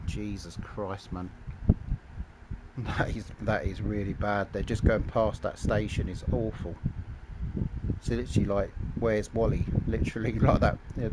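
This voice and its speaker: Gamer guy ranting and swearing, low-ish voice, loads of game noise behind. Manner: blunt, crude and swearing, ranting. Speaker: gaming channel host. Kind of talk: casual commentary while playing.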